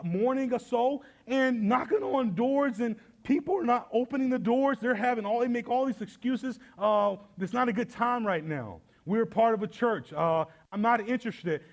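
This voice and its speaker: A middle-aged man preaching a sermon, telling stories and acting out the dialogue as he goes. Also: very high-pitched. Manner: storytelling preacher, acts out dialogue. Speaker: pastor.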